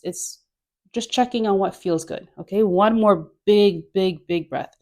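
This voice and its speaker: A woman's voice: mid-range voice, normal speed, a little mellow. Chatty woman teaching dance. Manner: chatty and encouraging, laughs often, lots of "like". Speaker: dance instructor. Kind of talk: guided dance class.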